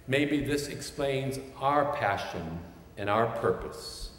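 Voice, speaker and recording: A male pastor delivering a sermon at a medium pitch, unhurried and measured, then swelling into forceful, repeated refrains. His voice rings through a large sanctuary with a long, roomy reverb. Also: lively intonation. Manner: measured, building to shouted refrains.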